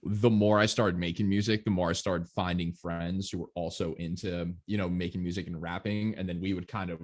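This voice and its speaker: A man's voice: low voice, fairly even intonation, brisk, a little mellow. A young American man in his twenties, a guest rapper, talking in a laid-back way and saying "like" constantly. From United States. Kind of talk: casual interview talk.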